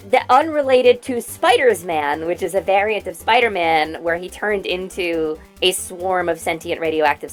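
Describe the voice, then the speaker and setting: A young woman streamer talks in an excited, rambling way, tripping over her words as she jumps between bits of trivia. Her voice is very lively, swinging high and low. Faint music plays quietly behind her. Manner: rambling, excited trivia talk with quick restarts. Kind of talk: casual stream chat.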